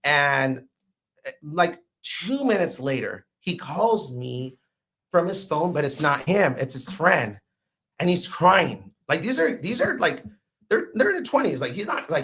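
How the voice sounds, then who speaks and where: High-voiced man telling stories emphatically. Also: unhurried. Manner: animated, emphatic, preachy asides. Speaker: podcast guest, entrepreneur. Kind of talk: casual interview storytelling.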